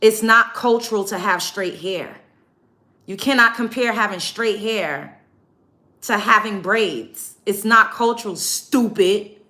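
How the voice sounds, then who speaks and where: Mid-range and sharp-toned, this vlogger's voice moves at an unhurried pace. Getting ready on camera, she rants bluntly and sarcastically, swearing often, and speaks with an African American English accent.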